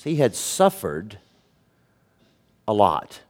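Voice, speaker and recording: Earnest preacher, often quiet. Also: male voice, lowish voice, huge pitch swings, extremely slow. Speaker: pastor. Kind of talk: sermon.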